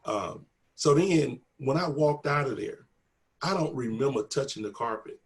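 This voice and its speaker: A man's voice: medium pitch, animated, unhurried. A middle-aged man earnestly retelling a personal story in a casual, emotional way, acting out quoted dialogue. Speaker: guest telling his story.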